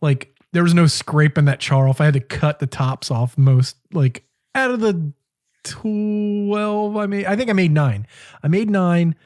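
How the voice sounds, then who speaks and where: Profane, animated male storyteller. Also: sits high, unhurried. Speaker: cooking school podcast co-host. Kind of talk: casual podcast chat.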